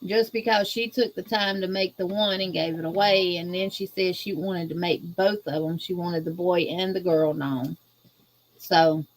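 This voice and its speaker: A woman from Louisiana with a Southern accent, guest-hosting a crochet livestream and chatting casually with viewers, greeting them in a folksy, drawn-out way. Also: on the low side. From Louisiana, USA. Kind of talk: casual livestream chat reading viewer comments.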